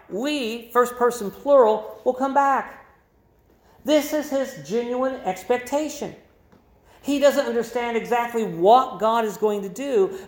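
A pastor preaching a sermon, with an emphatic, deliberate teaching delivery. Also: medium pitch, echoey room.

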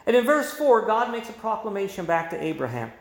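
Male pastor, sermon, lively rising and falling delivery, conversational teaching, roomy echo. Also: sits high, brisk, gravelly. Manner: expository, conversational preaching with emphatic quoted voices.

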